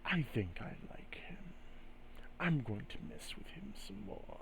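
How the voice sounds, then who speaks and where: A man doing a sly, hushed shadow spirit. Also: mid-range voice, very animated, slow pace, noisy background. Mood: whispering. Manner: soft, teasing, hushed delivery. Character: mocking male shadow spirit, sly and taunting.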